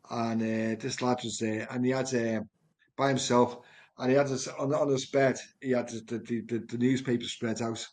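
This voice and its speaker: A man, a project manager telling earnest stories from his work in a conversation. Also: mid-range voice. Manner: earnest, animated storyteller with quick repeats. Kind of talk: storytelling in conversation.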